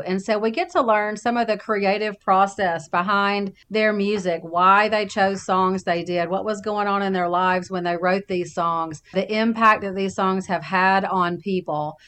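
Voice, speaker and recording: A woman co-hosts a podcast in a chatty, upbeat way. Her voice sits at a middle pitch. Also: a bit bright, clear, resonant tone. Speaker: podcast co-host. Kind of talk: podcast chat.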